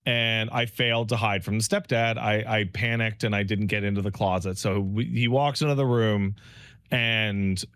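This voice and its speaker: Animated man recapping a game, dry mic. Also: on the low side, normal speed, clean tone, dry recording. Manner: animated storytelling, swearing, mock dialogue voices. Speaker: podcast co-host. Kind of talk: casual podcast chat, game recap.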